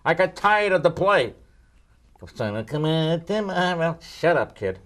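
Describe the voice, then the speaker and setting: An older man from New York answers weather questions in a jokey back-and-forth. His pitch is fairly high for a man and moves around a lot. He keeps teasing his co-host. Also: slow. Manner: wisecracking, teasing, lively. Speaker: meteorologist. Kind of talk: joking Q&A banter.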